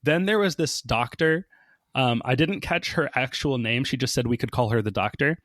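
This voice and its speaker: A man's voice: medium pitch, normal speed, a bit bright, no echo, studio quality. A man guest on a podcast, casually telling a story with lots of "like" and "um" and acting out the people he quotes. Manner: chatty, many fillers, acts out quoted people.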